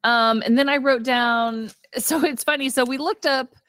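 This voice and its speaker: A woman's voice: high-pitched, fairly even intonation, unhurried, fairly bright tone, no echo. A woman co-hosting a casual movie review podcast. She retells scenes chattily, acts out the characters' lines, and laughs often. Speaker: podcast co-host.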